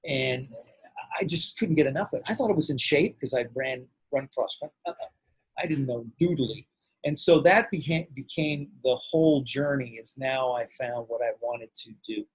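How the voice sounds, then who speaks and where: A middle-aged man, a martial arts grand master and actor, telling stories in an animated, rambling way as an interview guest. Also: mid-range voice, normal speed, husky, dry recording, poor audio. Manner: animated, rambling, swings loud and soft. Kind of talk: casual storytelling interview.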